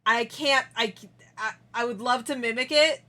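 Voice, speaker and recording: Young woman streaming, casual rambly chat, lots of giggles, kinda high voice. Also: moderate pace, sharp tone. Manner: chatty, giggly, trails off and restarts.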